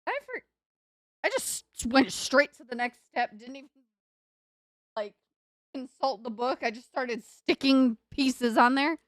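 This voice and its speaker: A young woman livestreams from her computer desk, chatting casually and rambling to herself while she builds, giggling and laughing often. Her high voice has lively intonation and a measured pace with frequent pauses, and her northern US accent carries a hint of Southern drawl. The recording is dry and studio quality.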